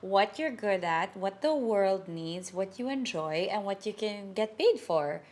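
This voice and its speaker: A woman's voice: mid-range voice, animated, a little slow, darkish tone. A woman hosting a podcast, asking eager, encouraging questions. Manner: eager, encouraging questioner mixing English and Tagalog. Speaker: podcast host. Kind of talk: casual interview chat.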